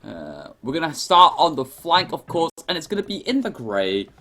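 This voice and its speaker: A man's voice: fairly high pitch, huge pitch swings, normal speed, bright, forceful tone, slight background noise. Chatty man casting a live game. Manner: rambling, chatty, self-correcting. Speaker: game commentator. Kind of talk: casual live game commentary.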